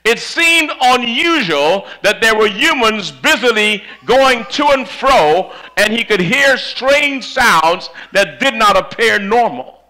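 A man preaching a sermon, telling a story in a dramatic way that swings from loud to hushed, on a microphone that cuts in and out. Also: sits high, animated, takes it slowly, poor audio. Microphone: handheld or stand mic that cuts out.

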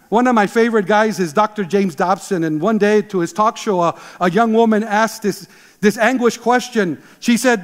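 Man, 60s, high-pitched, animated preacher, reverberant church hall. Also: normal speed. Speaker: pastor. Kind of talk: sermon. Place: church sanctuary.

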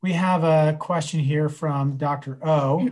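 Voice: mid-range voice, steady tone, unhurried, a little mellow. A moderator reads audience questions aloud at a lecture. The delivery is hesitant, with many fillers between phrases.

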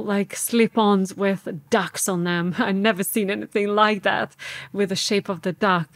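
A woman's voice: mid-range voice, dry recording. A woman from Serbia, a podcast guest telling her own story in an earnest, reflective way. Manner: earnest, reflective, re-enacts her past self's words. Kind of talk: personal storytelling in an interview.

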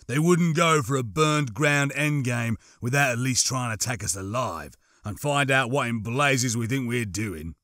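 Narrator guy doing a calm soldier, measured and steady, lowish delivery. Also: dry recording, studio quality.

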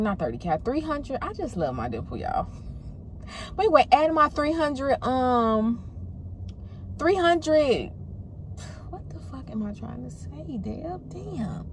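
A woman's voice: a little high, slight background noise. A woman vlogging casually from her car, candid and profane, slipping into playful voices.

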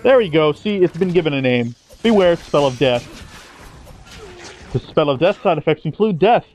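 A man's voice: on the high side, animated, normal speed, darkish tone, soft background music. A man commentating over his own video game playthrough, sarcastic and mock-dramatic, swearing casually. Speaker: gameplay commentator. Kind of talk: sarcastic let's-play commentary.

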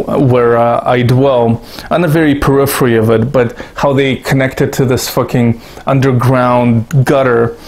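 A man's voice: mid-range voice, a little mellow. A Russian-born man giving rambling, sarcastic commentary to his YouTube audience, swearing constantly and making self-mocking asides. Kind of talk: profane casual commentary to camera.

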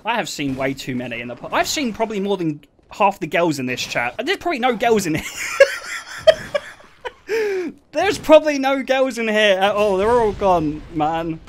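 A young man streaming live, chatting casually with his viewers in an excitable, joking way and laughing often. His voice is high for a man and swings widely in pitch. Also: slight background noise. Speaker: livestreamer.

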